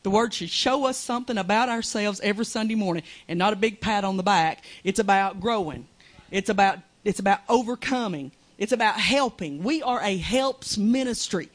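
A woman's voice: medium pitch, moderate pace. A woman preaching a fervent, conversational sermon in a small church.

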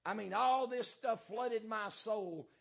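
Fiery raspy preacher man. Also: high-pitched, slow pace. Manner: fiery preaching with repetition and frequent "uh" and "um". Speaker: pastor. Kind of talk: sermon.

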